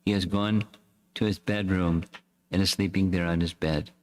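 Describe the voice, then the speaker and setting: A man reading as a calm, gentle young woman. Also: low-pitched, moderate pace, close to an everyday voice. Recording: echoey hall reverb.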